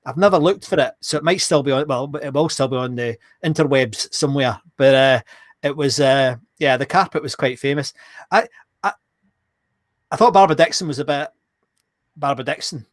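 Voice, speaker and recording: A man's voice: mid-range voice, a little fast, no room sound, studio quality. A man co-hosting a live online show, chatting casually, reading out viewer comments and laughing often.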